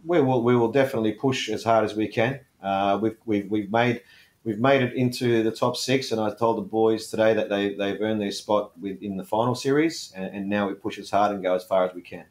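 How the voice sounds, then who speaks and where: A man speaking as a football coach, answering interview questions in a measured way, leaning on "look" and "I think". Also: on the low side, steady tone.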